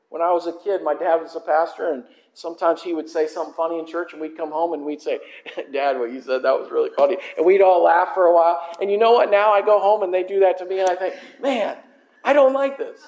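Guy preaching in a church, pretty high voice, earnest and punchy, repeats questions, long echo in the hall. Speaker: pastor. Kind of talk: sermon.

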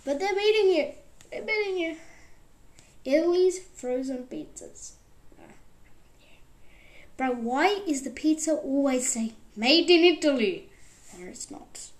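A woman around twenty rambling excitedly in a casual vlog, jumping between loud outbursts and whispers. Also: high voice, takes it slowly, long pauses. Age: about 20. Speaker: vlogger.

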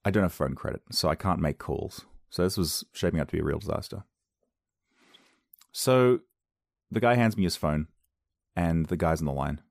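A young man hosts his own casual podcast from home and tells a self-mocking story. He speaks in a fairly low voice and jumps up in pitch to act out the other people in it. His microphone sits close and dry, with no room sound around him. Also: lively intonation, normal speed, creaky, pauses often, no room sound. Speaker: podcast host. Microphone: podcast microphone on a loose cable at home.

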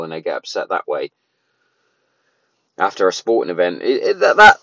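Dad, 30s, lower voice, casual rambling monologue with lots of fillers; muffled, dead-dry recording. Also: male voice, animated, moderate pace, a bit bright, no room sound. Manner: rambling, many restarts and fillers. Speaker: parent sharing opinions.

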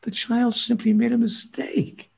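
A man's voice: very high voice, level tone, unhurried, darkish tone. A man acting as a spiritual teacher, telling a story and stressing points with emphatic repetition. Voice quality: husky, gravelly. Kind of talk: lecturing in conversation.

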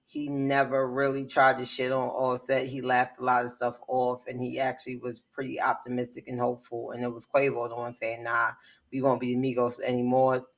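A woman's voice: very deep voice, monotone, normal speed. Impassioned woman vlogger, blunt and frustrated. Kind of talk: news commentary vlog.

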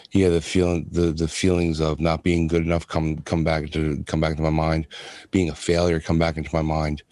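Deep flat-voiced man telling his story. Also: no echo. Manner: halting, with many restarts and fillers. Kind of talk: personal testimony.

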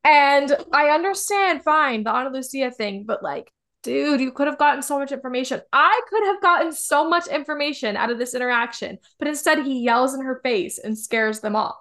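A woman's voice: high voice, normal speed, fairly bright tone. A woman co-hosting a TV recap podcast, talking in a heated, emphatic way and swearing casually. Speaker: podcast co-host.

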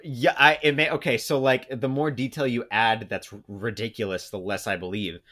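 A man's voice: mid-range voice, steady tone, normal speed, bright, forceful tone. A young man co-hosting a podcast in casual chat, rambling and joking with lots of fillers. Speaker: podcast co-host.

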